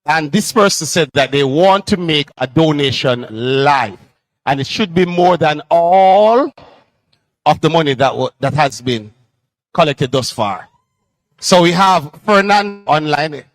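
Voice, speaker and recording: A man hosts a live charity telethon with a noticeably high voice. He keeps the fundraising patter upbeat and lively. The sound is dry and close. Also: a little slow, no room sound, poor audio. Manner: upbeat, auction-style calling. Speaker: telethon host.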